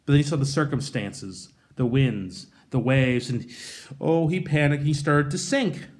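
A man with a middle-pitched voice reads a scripture passage and then talks it through informally. His delivery is relaxed and conversational, with lively retellings of the story. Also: a little slow. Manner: conversational, retells with animated paraphrase. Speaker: pastor. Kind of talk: scripture reading and devotional sermon.

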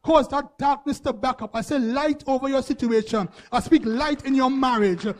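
A male preacher, delivering a sermon in repeated, rhythmic phrases that build to shouts. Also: very high voice, moderate pace, slight background noise. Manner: rhythmic repetition, rising to shouts.

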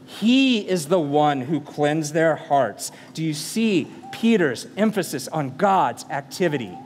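Male pastor, animated sermon voice, fairly high, big echoing church hall. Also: slow, a little hiss or hum. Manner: animated preaching with rhetorical questions. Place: church sanctuary.

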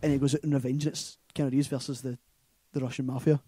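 A man's voice: medium pitch, flat delivery, fast, warm tone, breathy edge, dry recording. A man with a Scottish accent, co-hosting a casual movie chat and retelling a film plot in a loose, rambling way, full of "like" and "right?". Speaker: podcast co-host.

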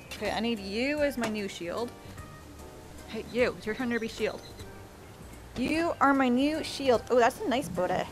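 A woman playing a VR game while commenting live, excitable and often screaming and yelping at the game's characters through her headset mic. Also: fairly high pitch. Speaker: VR gaming YouTuber.

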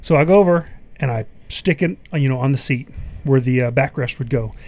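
A man co-hosting a motorcycle podcast, telling a profane story in an animated way. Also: medium pitch, brisk, no echo. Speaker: podcast co-host. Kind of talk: casual storytelling.

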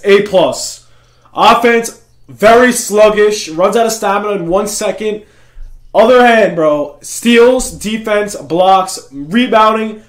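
A young man giving excitable, slangy running commentary over his own video game play as a gaming channel host. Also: sits high. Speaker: gaming YouTuber. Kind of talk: live gameplay commentary.

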